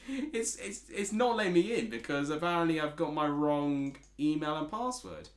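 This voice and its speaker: A streamer from Essex, England, chats casually in an Essex accent while he watches football and reads out chat messages. His voice is fairly high and expressive, at normal speed, with a roomy sound.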